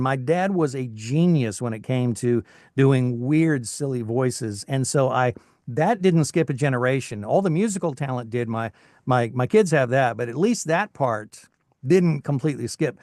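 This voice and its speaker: A middle-aged voice actor from Tennessee with a faint Southern accent, chatting casually in an interview with lots of restarts. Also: male voice, medium pitch, a little slow, darkish tone, no echo, studio quality. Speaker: voice actor, guest.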